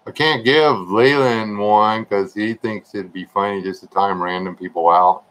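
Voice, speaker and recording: A man with a lowish, fairly bright voice hosts a livestream, speaking a little slowly over poor audio. He's laid-back and joking, chatting casually with viewers and calling them by name.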